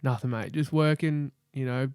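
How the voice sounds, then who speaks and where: A man's voice: medium pitch, steady tone, normal speed, a little mellow, smooth, no echo. An Australian man co-hosting a podcast in a studio, talking in a laid-back, rambling way and swearing casually. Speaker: podcast co-host. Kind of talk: casual chat.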